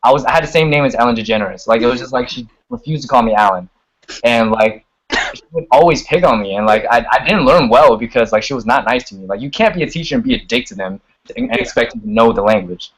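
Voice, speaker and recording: A man's voice: mid-range voice, lively intonation, fast, breathy edge, low-quality recording. A young man chatting casually as a guest on a video call, full of "like" and "you know", swearing freely. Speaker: guest singer and rapper.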